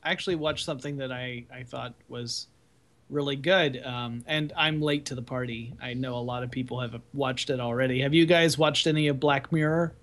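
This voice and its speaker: A man's voice: medium pitch, fairly even intonation, moderate pace, a bit bright. A man co-hosting a podcast, talking casually and joking in a laid-back way. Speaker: podcast co-host. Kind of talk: casual chat about TV shows.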